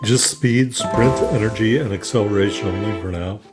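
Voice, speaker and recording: A tired man narrates his gameplay in a casual, chatty way, often apologizing to viewers. His voice sits fairly low. Loud game music plays under his talk. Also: moderate pace. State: tired and yawning. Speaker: gameplay video host. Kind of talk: casual let's play commentary.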